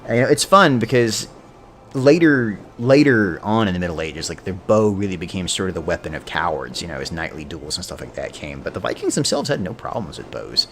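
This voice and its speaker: Deep-voiced man streaming a game. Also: lively intonation, brisk, fairly bright tone, slight background noise. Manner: chatty, rambles into history asides. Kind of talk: casual gameplay commentary. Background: game music.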